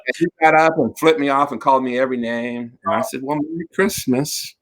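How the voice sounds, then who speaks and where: Fairly quick and mid-range in pitch, this middle-aged talk show host tells stories in an easygoing chat. His manner is campy and animated, and he laughs often as he narrates.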